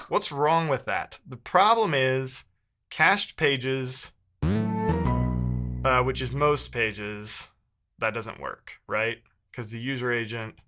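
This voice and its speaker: A man's voice: mid-range voice, pushed and bright, a little hiss or hum. A man live-streaming while he codes, chatting casually with viewers and thinking aloud, often second-guessing himself mid-sentence.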